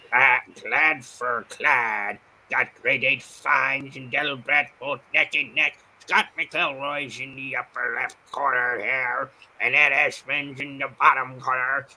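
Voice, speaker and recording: A man's voice: medium pitch, sharp tone, a little hiss or hum, poor audio. A man putting on a boisterous pirate voice, growling as he calls a race. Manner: growls "arr", threatens the losers.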